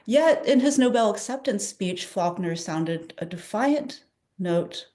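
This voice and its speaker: A woman presenting at a celebration event, talking with animated enthusiasm and frequent "uh" and "um" fillers. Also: mid-range voice, slow pace. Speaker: presenter at a public domain celebration. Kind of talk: presentation talk.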